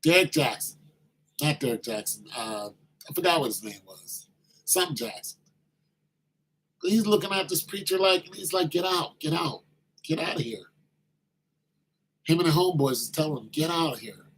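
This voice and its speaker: A man telling a story in a casual monologue, animated and slangy, acting out the quoted voices. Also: on the high side, normal speed, slight background noise, rough recording.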